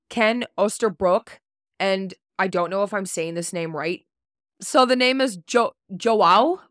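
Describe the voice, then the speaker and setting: A woman hosting a podcast reads a prepared story segment bluntly, swearing casually and tripping over unfamiliar names. Her voice sits on the low side, recorded at studio quality with no room sound.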